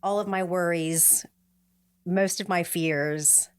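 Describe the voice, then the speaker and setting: A woman's voice: steady tone, takes it slowly, clear, resonant tone. A middle-aged woman, a podcast guest, telling a personal story in a heartfelt way and lifting her voice when she quotes others. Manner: heartfelt, acts out quoted voices with a lifted pitch.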